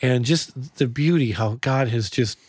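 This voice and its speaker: A man's voice: medium pitch, measured pace, breathy edge, dry recording. A man who is a pastor and podcast host, talking earnestly and reflectively in a casual discussion, often restarting his sentences.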